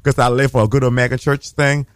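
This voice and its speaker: A man's voice: mid-range voice, level tone, quick pace, clean tone, no room sound. A man co-hosting a casual chat show, talking in a campy, sassy, gossipy way. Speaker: podcast co-host.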